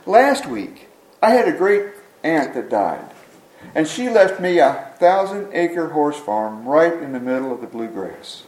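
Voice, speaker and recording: A man's voice: on the high side, very animated, measured pace, darkish tone. A preacher putting on a miserable moaning man. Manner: mournful and complaining. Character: miserable grown man moaning over his luck. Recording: echoey room, mic at a distance.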